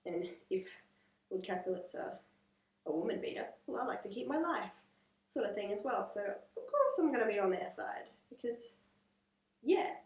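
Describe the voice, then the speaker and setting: A woman's voice: mid-range voice, sing-song, moderate pace. An Australian actress chatting casually about her role, joking and using lots of fillers. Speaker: actor. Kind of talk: casual interview. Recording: roomy, distant camera mic.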